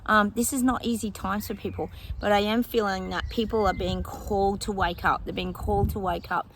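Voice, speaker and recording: A woman's voice: medium pitch, fairly even intonation, brisk, slight background noise. A woman psychic talking casually to her viewers, rambling and thinking aloud with lots of fillers and frequent laughs. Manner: laughs often. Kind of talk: casual predictions monologue to viewers.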